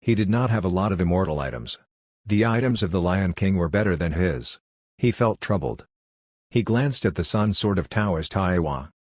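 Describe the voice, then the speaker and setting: A man reading a fantasy audiobook as narrator in a steady, even storytelling delivery. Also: sits low, normal speed, dry recording, clean studio sound. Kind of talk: scripted narration.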